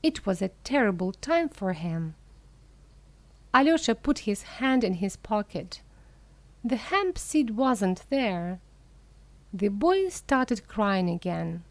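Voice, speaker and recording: Slow, expressive woman reading a story. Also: mid-range voice, no room sound. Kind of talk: slow audiobook reading for English learners.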